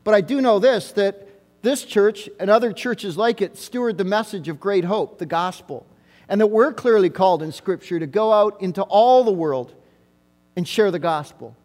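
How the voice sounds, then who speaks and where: A man preaching in a church sanctuary, his voice pitched high for a man. He hammers each point home with short, repeated phrases. The sound rings out with a long reverb in the big room. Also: moderate pace, a little mellow. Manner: emphatic, repeats key phrases for emphasis. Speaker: pastor. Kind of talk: sermon.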